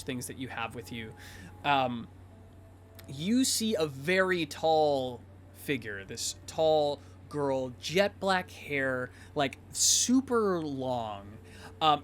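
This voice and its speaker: A man's voice: on the high side, sharp tone. A man narrating a tabletop role-playing game as game master, in a casual, rambling way with many fillers.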